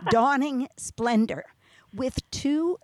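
A woman with a New York accent hosting a casual interview, chatty and quick to laugh. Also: high voice, animated. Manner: chatty, laughs often, restarts sentences. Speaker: radio show host.

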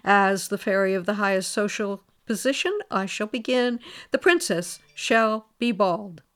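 A woman voicing the oldest and most wicked fairy, haughty and scolding, in a smooth voice. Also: medium pitch, a little slow, lightly acted. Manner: sharp, scolding, commanding.

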